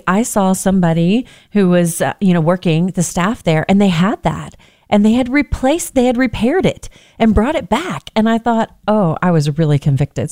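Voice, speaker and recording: A woman's voice: medium pitch, mellow, no echo. American lady telling stories on her podcast, earnest and a bit self-mocking, dry close sound. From United States. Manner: earnest, personal storytelling with self-deprecating asides. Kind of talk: reflective faith-based talk.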